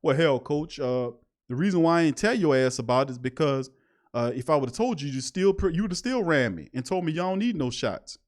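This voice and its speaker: A man's voice: on the high side, animated, fairly quick, lightly acted. A man voicing a brash young football player who bluntly and crudely talks back to his coach. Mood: defiant.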